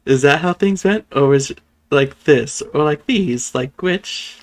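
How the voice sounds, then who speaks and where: A streamer chatting casually over a game and reading its cutscene lines aloud in quick voices. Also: medium pitch. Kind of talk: casual let's-play chat with voiced readings.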